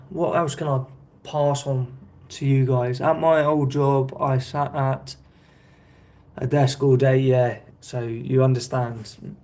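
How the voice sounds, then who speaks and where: A man's voice: medium pitch, a little mellow. A young man vlogging in a casual chat, rambling, correcting himself and checking in with his viewers.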